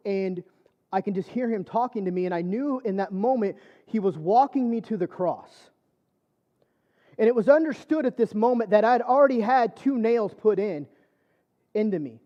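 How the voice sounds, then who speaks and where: A man's voice: high-pitched, dull audio. A man preaching a personal testimony sermon, telling his story conversationally with lots of fillers. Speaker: church speaker.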